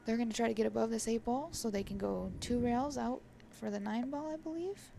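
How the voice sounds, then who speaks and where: A woman's voice: fairly high pitch, fairly quick, gravelly, dark tone, slight background noise. A woman commentating a live pool match in a chatty way, often checking in with "right?". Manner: chatty, tags lines with "right?".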